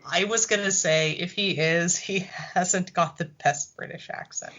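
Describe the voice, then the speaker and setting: A woman's voice: fairly low pitch, measured pace, fairly bright tone. A woman co-hosting a podcast, chatting casually and thoughtfully about a TV episode, with some casual swearing. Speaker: podcast co-host. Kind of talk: casual chat reviewing a TV episode. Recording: dull lo-fi recording.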